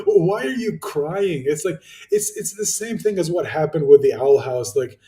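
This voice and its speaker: A man's voice: fairly high pitch, expressive, moderate pace, warm tone, reverberant, distant mic. A young man ranting casually to his viewers, blunt and swearing, with lots of fillers and restarts. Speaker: YouTuber answering viewer comments.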